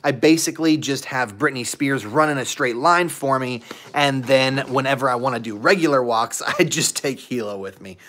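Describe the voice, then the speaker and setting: A young man hosting a casual livestream, chatting playfully and talking softly to his pets between answers. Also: medium pitch, moderate pace. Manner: playful, talks to his pets in soft baby talk and voices their thoughts. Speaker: livestream host with dogs.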